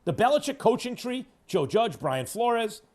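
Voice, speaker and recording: A male sports radio host from New York gives an opinionated, hectoring monologue, swinging from loud declarations down to low asides. He speaks a little slowly, with big swings in pitch.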